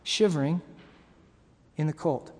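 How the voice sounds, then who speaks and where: A man preaching a sermon to his congregation, earnest and halting, with pauses and restarts. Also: a little high, a little mellow. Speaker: pastor. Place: church sanctuary. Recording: long reverb of a hall.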